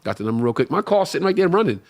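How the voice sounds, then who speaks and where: Fast-talking animated man telling stories. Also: fairly high pitch. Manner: animated storyteller, acts out quotes. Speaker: podcast co-host. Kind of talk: casual storytelling chat. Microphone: live stream mic.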